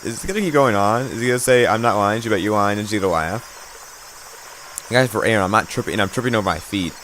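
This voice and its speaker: Low-voiced man reading game text. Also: fast, fairly bright tone, a little hiss or hum. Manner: tense reading with stumbles and asides. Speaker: let's play narrator.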